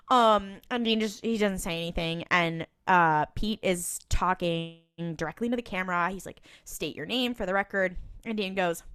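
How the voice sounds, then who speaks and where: A woman's voice: mid-range voice, bright, forceful tone, no room sound, studio quality. A woman co-hosting a podcast, recapping an episode in a chatty way, laughing often and acting out quotes. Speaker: podcast co-host. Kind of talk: casual rewatch recap.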